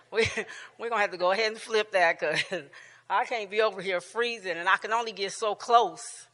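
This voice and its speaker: Chatty woman in her sixties, bright voice. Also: mid-range voice, moderate pace, in a large hall. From United States. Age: 60s. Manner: chatty, laughing often, warm storytelling with many restarts. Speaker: church class teacher. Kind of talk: casual talk to a class. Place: church room with long reverb.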